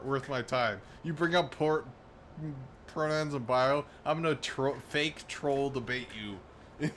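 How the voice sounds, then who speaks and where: A man's voice: fairly high pitch, slight background noise. A man streaming live, ranting and swearing with lots of restarts and laughter. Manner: animated, swears often, laughs mid-sentence; restarts and repeats words as he rants. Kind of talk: profane ranting commentary.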